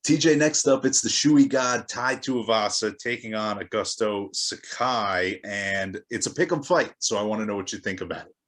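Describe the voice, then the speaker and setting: A man hosting a sports betting show, introducing each matchup with brisk, upbeat lead-ins. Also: lowish voice, a bit bright. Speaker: show host. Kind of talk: introducing segments to an analyst.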